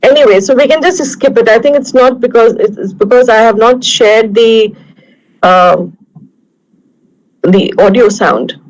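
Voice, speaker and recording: A woman's voice: a little high, unhurried, low-quality recording. A woman with an Indian English accent giving a guest lecture over a video call, talking through examples in an easy, conversational way. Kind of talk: online lecture.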